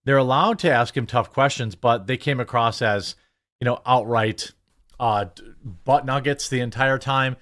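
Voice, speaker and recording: A man's voice: medium pitch, normal speed. Sarcastic man doing casual political commentary. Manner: animated, sarcastic, lots of fillers. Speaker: political commentator, channel host.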